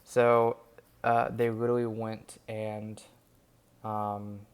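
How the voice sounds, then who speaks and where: A man's voice: lowish voice, little pitch movement, takes it slowly, clear, resonant tone. A young man talking through his day in a casual vlog, rambling and candid with lots of fillers. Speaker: vlogger documenting his days.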